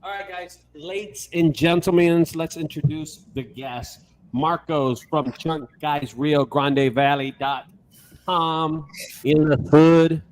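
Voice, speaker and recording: A man's voice: on the high side, steady tone, slow, a little mellow, slight background noise. A man hosting a casual chat, joking and telling a story with animation. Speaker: host. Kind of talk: casual video call chat.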